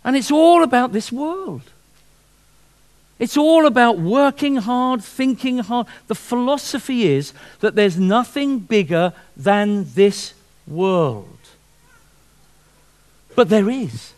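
Man, sermon, high voice, rhetorical questions, repeats phrases. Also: slow. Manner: lively, with repetitions and rhetorical questions. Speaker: preacher.

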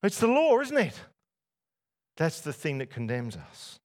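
A man's voice: fairly high pitch, wildly swooping pitch, unhurried, darkish tone. A man preaching a sermon to a church congregation, putting rhetorical questions to his listeners. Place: church before a masked congregation.

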